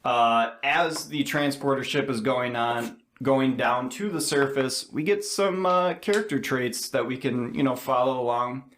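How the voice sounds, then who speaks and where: A man's voice: mid-range voice, unhurried, few pauses, a bit bright, a little hiss or hum. Man recapping a film, echoey room. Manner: recaps scenes, acts out characters' lines. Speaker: podcast co-host. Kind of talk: casual movie recap. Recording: roomy echo.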